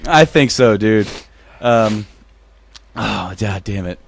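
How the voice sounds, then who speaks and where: A man's voice: medium pitch, expressive, normal speed. A man co-hosting a podcast in casual chat, laughing often and talking loosely with plenty of swearing. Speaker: podcast co-host.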